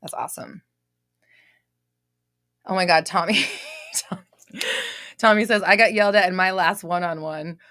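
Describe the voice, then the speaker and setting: A young woman hosting a casual live stream, reading out comments, loud and expressive, laughing often and swearing casually. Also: on the low side, normal speed, long pauses, no echo, studio quality.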